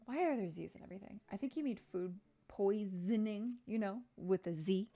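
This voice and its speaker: A woman's voice: mid-range voice, normal speed, mellow. A woman streaming a game, making playful, self-mocking asides between reading the dialogue. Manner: playful, laughs at herself. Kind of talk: casual gaming commentary.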